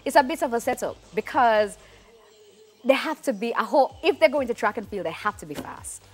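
Woman, Jamaican accent, TV host, playful banter, lively pitch, faint music behind. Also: fairly quick, breathy edge. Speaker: TV talk show co-host. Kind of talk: lively studio chat. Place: TV studio.

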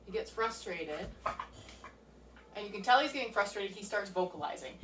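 A woman dog trainer talks through a session in a relaxed, step-by-step way. Her voice sits at a middle pitch and comes from some distance off the mic. The room rings around her, and a faint ambience hangs behind. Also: moderate pace, roomy sound, very noisy. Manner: relaxed, explains step by step while working. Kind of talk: casual hands-on training demonstration.

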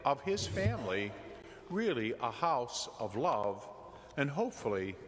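Slow, lively priest preaching. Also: male voice, medium pitch, slight background noise. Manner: gentle storytelling with jokes. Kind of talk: sermon. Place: church. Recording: church with long reverb.

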